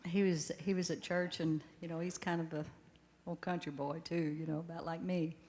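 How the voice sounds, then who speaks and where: A woman's voice: lowish voice, little pitch movement, moderate pace, darkish tone, long reverb tail. An older woman hosting a live stage show, telling homespun jokes in a chatty, folksy way on a stage microphone. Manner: chatty and homespun, with small restarts. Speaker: show host.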